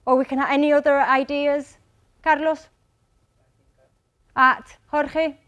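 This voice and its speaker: A woman from Manchester with a Mancunian accent, giving a lively English lesson in a lecture hall and quizzing the audience by name. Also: sits high, takes it slowly, lo-fi sound. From England, Manchester. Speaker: English teacher.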